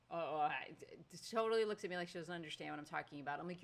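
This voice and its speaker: A woman co-hosting a podcast, her voice sitting a little on the low side. She tells her story in loose casual chat with lively, exasperated energy. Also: rapid-fire, gravelly, hardly any pauses. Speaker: podcast co-host.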